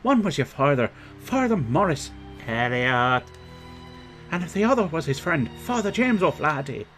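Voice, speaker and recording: A man's voice: high-pitched, sing-song, a little fast, faint music behind, voice pushed up. A man doing a jittery old Irish priest. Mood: fretful. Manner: wobbly put-on Irish brogue drifting into other accents. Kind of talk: reading game dialogue aloud.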